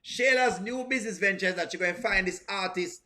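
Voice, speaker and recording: Bright and forceful, this man's high-pitched voice moves a little fast. He hosts a live reaction stream in a strong non-standard English accent, animatedly commenting on skits, repeating points, and greeting his chat.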